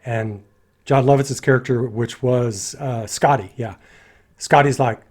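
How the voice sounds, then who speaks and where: A man giving a casual spoken film critique, critical and animated, acting out lines of dialogue in his own voices. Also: medium pitch, moderate pace, breathy edge. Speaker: movie reviewer.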